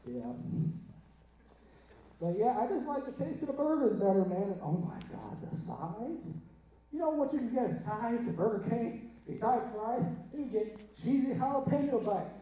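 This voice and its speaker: A young man doing a stand-up set in a theater, chatty and self-mocking, with quick asides to the crowd. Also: sits high, very animated, mellow. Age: young adult. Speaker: stand-up comedian. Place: theater stage. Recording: dull, echoey theater sound from a distance.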